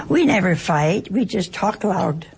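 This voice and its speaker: Addressing an audience informally, a woman with a mid-range voice shares anecdotes as a folksy, joking storyteller, voicing other characters in little exchanges. The recording quality is poor.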